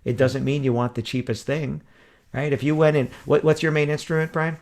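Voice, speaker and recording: A man giving sales advice in a podcast interview, talking in a lively way, often acting out customers and chuckling. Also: fairly high pitch, a little fast. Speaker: wedding sales consultant.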